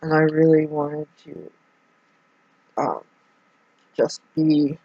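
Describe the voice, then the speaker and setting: A woman's voice: deep voice, slow pace, husky, dry recording. A woman vlogger speaking in a personal confessional monologue, rambling and hesitant as she restarts her sentences. Her voice comes across dry, with no room sound. The recording is muffled and lo-fi.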